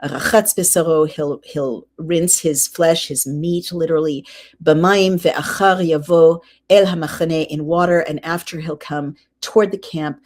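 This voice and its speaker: A low-pitched woman hosts a podcast and reads scripture slowly, one phrase at a time. She translates each line as she goes and adds casual asides between verses. It sounds recorded on a computer mic while she shares her screen. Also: steady tone, darkish tone. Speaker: podcast host. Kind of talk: casual Bible reading and commentary. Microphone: computer mic while screen sharing.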